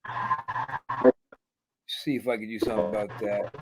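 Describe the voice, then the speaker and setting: A man's voice: lowish voice, a little slow, very noisy. A man hosting a podcast, telling a profane story in casual chat. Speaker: podcast host.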